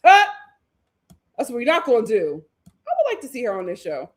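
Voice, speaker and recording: Young woman doing a live tv recap stream, high voice, chatty and slangy, super animated. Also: fairly quick. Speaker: reality TV recap host. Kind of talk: casual live stream chat.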